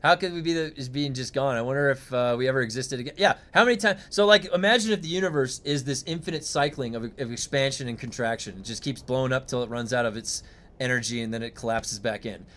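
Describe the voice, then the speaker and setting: Talking fast in a mid-range, fairly bright voice, a game streamer thinks out loud on a casual livestream. His musings wander with curiosity, and now and then he swears, all captured on a desk mic.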